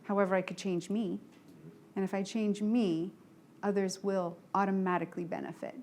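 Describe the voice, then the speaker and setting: A woman's voice: medium pitch, moderate pace, a little hiss or hum. A middle-aged woman giving a motivational leadership talk to a live group, telling stories frankly and acting out the dialogue. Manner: lively, frank storytelling with acted-out dialogue. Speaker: leadership speaker.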